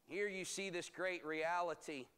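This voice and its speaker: A man teaching a bible study as pastor, reading scripture aloud and explaining it in a measured, emphatic way. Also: sits high, fairly even intonation, a bit bright, clear, resonant tone. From United States.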